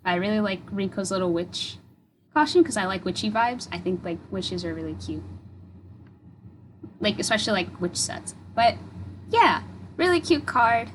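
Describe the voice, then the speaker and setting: A woman's voice: mid-range voice, sing-song, moderate pace, long pauses, a little hiss or hum, rough recording. A young woman co-hosting a podcast, gushing in a rambling casual chat full of fillers. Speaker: podcast co-host.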